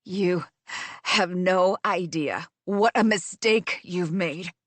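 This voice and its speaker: A woman voicing a grieving, vengeful young woman who speaks low, hushed and cutting, in an audiobook. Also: slow pace, dry recording. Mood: threatening. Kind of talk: audiobook character voice.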